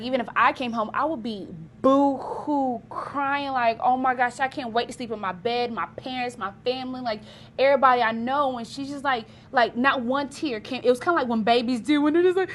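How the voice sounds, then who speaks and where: Young woman, pop culture correspondent, casual rambly chat, higher-pitched. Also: fairly quick, fairly bright tone, a little hiss or hum. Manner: rambling, many fillers like "you know".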